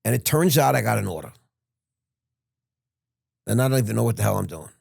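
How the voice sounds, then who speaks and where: A man's voice: fairly low pitch, lively intonation, a little fast, gravelly, a little mellow, breathy edge, dry recording, studio quality. A man in his sixties, a podcast guest, telling a rambling, frank story with restarts and the odd curse word. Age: 60s. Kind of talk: casual interview storytelling.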